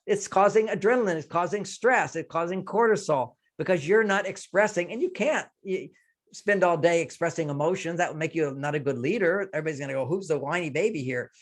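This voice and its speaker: Guy w a pretty high voice, interview guest explaining stuff, lively, keeps acting out little dialogues. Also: a little fast. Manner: animated, acts out dialogues in changing voices. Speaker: guest expert. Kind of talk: interview answer, explaining relationship advice.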